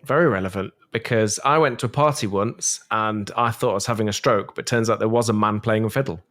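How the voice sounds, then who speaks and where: A man's voice: fairly low pitch, fairly quick, a bit bright. A man hosting a tech podcast, chatting casually and joking with his guests. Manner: playful, jokey, laughs easily. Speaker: podcast host.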